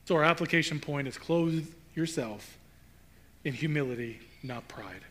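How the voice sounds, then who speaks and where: A man's voice: a little high, normal speed, a bit bright. A male pastor preaching a sermon in a conversational, emphatic way, building to rhetorical questions.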